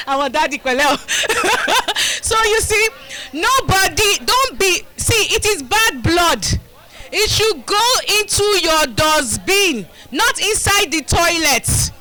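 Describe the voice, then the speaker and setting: Rousing the crowd with call-and-response, a middle-aged community health educator with a Nigerian accent leads a live demonstration talk at a community gathering. Her very high voice is sing-song, pushed and bright, delivered slowly, and the recording is rough.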